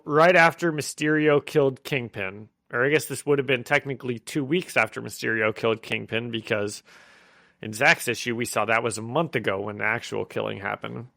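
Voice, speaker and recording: A man's voice: mid-range voice, moderate pace, gravelly, fairly bright tone, no echo, studio quality. A man co-hosting a comic book podcast, chatting casually, rambling and laughing often. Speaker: podcast co-host.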